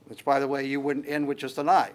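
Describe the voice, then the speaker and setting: A man's voice: mid-range voice, monotone, quick pace. A man preaching a sermon as pastor, conversational and emphatic, often restarting his phrases.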